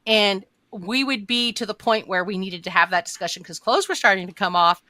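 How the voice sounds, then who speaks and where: Frank, bright-voiced woman on a podcast. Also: medium pitch, fairly quick, no room sound. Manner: frank, emphatic storyteller. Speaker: podcast co-host. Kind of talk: casual chat.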